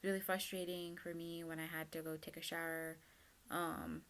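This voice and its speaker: A woman's voice: deep voice, little pitch movement, moderate pace, a bit bright. A young woman in her twenties telling a personal story in a chatty, casual way, full of fillers. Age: young adult. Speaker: vlogger.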